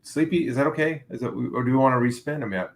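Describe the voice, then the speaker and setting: A man's voice: medium pitch, rapid-fire. Stammering man on a video call. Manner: rambling, stammers and restarts. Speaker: co-host, pumpkin carver. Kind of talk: casual live stream chat.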